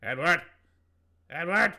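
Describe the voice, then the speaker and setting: A man voicing a tiny, excitable gnome adventurer who talks in an urgent, pushy way. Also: on the high side, slow, vocal fry, pitched above the performer's own voice, heavily acted. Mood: shouting.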